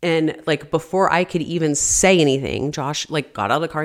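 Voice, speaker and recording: A woman's voice: sits low, expressive, moderate pace, hardly any pauses. A woman in her thirties hosting a podcast, telling a story casually, peppered with "like" fillers and swearing. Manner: chatty, constant "like" fillers, frequent swearing. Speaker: podcast host.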